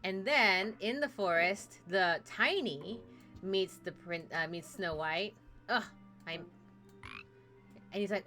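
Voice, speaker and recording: Female streamer, bright higher voice, playful story narration, game music faint behind. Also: slow pace, long pauses. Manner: playful, narrates a fairy tale and hops into character voices. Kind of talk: casual gaming stream chat with acted story voices.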